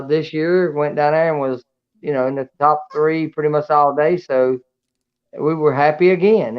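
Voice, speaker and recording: Folksy racer calling in, slightly high voice, muffled dull line. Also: male voice. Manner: folksy, plain-spoken. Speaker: race winner guest. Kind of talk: casual call-in interview. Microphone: video call. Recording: dull, muffled call audio.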